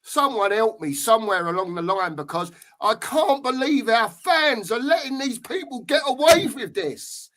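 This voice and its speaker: Fifties man, high-pitched host ranting hard about his club. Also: animated, moderate pace, few pauses, a bit bright. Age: 50s. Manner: passionate, ranting, swearing. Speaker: show host. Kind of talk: livestream fan chat.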